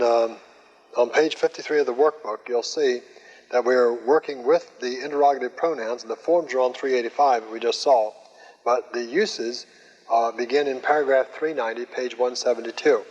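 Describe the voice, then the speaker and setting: A male teacher works through a Greek grammar lesson at a slow, methodical pace, pausing often on fillers. His voice is husky at a middling pitch. The recording is dull and carries a long reverb. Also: a little mellow. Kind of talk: recorded classroom lecture.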